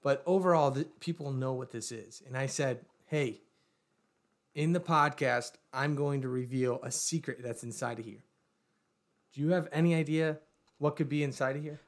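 A man's voice: mid-range voice, moderate pace. A man co-hosting a casual podcast, upbeat and joking as he shows off a project. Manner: upbeat, joking, showing off a 3D print. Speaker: podcast co-host.

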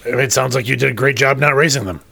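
A man playing a wary male starship crewman in a tabletop role-play, talking in a halting way with many stammers and restarts. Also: mid-range voice, vocal fry, sharp tone, no room sound, full character voice. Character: wary male starship crewman, private about his mother.

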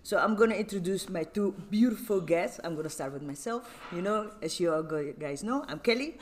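A man's voice: high-pitched, lively intonation, brisk, slight background noise. A young man hosting a casual podcast, rambling and giggly, often cutting himself off mid-sentence. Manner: rambling, giggly, self-interrupting. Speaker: podcast host.

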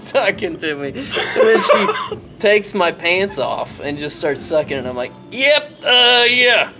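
A man's voice: on the high side, animated, a little slow, music in the background. Laughing young man telling a crude story. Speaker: podcast co-host. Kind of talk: casual storytelling chat.

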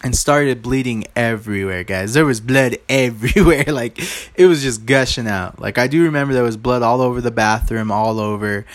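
A man in his own casual podcast, rambling through stories with plenty of fillers and side remarks. His voice sits at an ordinary, middle pitch. He talks straight to his listeners in an easygoing, unpolished way. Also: moderate pace. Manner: rambling, loose and informal, with many fillers and asides to listeners. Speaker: podcast host.

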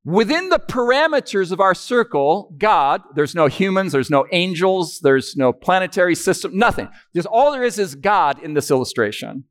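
A man's voice: high voice, sing-song, normal speed, few pauses. A man preaching a sermon to a live audience, teaching step by step and asking them questions as he goes.

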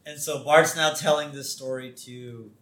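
A man's voice: medium pitch, fairly even intonation, normal speed, a bit bright. Man, podcast co-host, casual recap, roomy echo.

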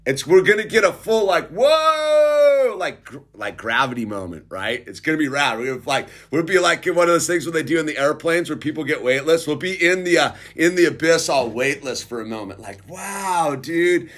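A man's voice: a little high, expressive, fast talker, a bit bright. A middle-aged man in a casual, rambling, sarcastic monologue, often restarting and calling the listener dude. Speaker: commentator.

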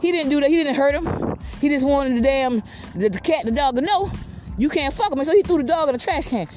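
A woman's voice: high voice, lively intonation, fairly quick, over music. A woman telling a comic animal story in a rambling, profane way, with frequent asides to the listener. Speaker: podcast host.

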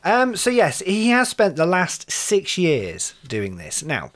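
A man hosting a casual chat podcast, teasing his co-hosts in a lively, sometimes mock-posh way. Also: high-pitched, slow pace. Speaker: podcast host. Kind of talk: casual banter.

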